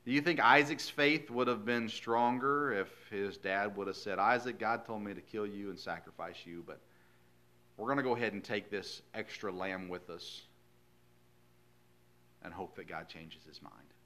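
A male pastor preaching a sermon in a folksy, earnest storytelling way, swinging from hushed lines to loud emphasis. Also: on the low side, moderate pace.

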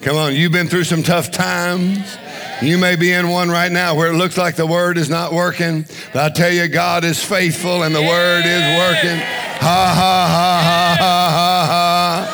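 A man preaching a charismatic sermon, shouting, laughing and leading the congregation in call-and-response. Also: high voice, level tone, normal speed. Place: church service. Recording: crowd and background noise.

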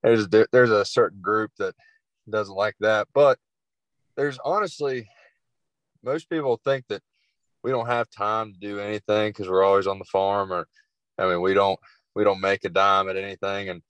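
Dry-voiced young farmer, halting speech. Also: male voice, fairly low pitch, fairly even intonation, fairly bright tone, clear, resonant tone, no echo, low-quality recording. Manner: halting, many restarts. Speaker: cattle farmer guest. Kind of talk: casual interview answers.

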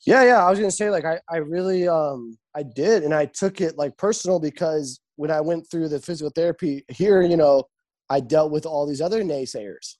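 A man in casual chat, telling animated stories with lots of swearing and acted-out quotes. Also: on the high side, a little fast. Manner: animated storytelling, swears a lot, acts out quotes.

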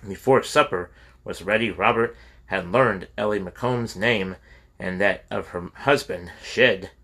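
Low bright male audiobook narrator. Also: unhurried, slightly rough. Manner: steady storytelling reading. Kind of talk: scripted narration.

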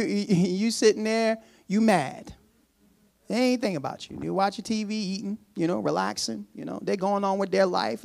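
A man preaching a sermon in a casual, conversational way, repeating phrases and chuckling softly. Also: sits high, gravelly.

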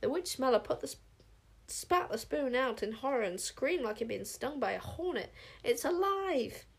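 Woman reading a lively storybook aloud. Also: moderate pace, creaky, breathy edge. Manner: lively, voices the characters with big pitch jumps. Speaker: audiobook narrator.

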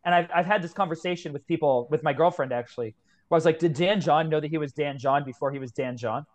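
A man's voice: on the high side, quick pace. A man in his twenties, a kettlebell coach, telling his story as a podcast guest in an earnest, heartfelt way. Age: 20s. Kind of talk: casual podcast conversation.

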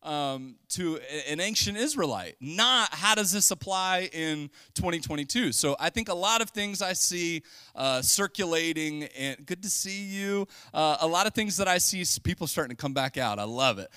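Male pastor, middle-aged, bright forceful tone, dry close sound, casual sermon with jokes and sudden emphatic rises. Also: on the high side, expressive, moderate pace, smooth, no room sound. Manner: conversational, joking, with bursts of emphasis. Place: church sanctuary.

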